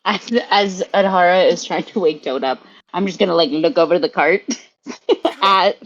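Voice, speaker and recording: A woman's voice: on the low side, normal speed. Giggly woman player, slightly dull sound. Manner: giggly, casual, swears freely. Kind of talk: casual tabletop play.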